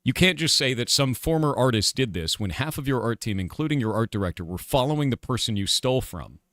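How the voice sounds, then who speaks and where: A man's voice: fairly low pitch, a bit bright, no echo, studio quality. A middle-aged man streaming live, ranting casually in an angry, profane and emphatic way. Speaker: streamer and game developer.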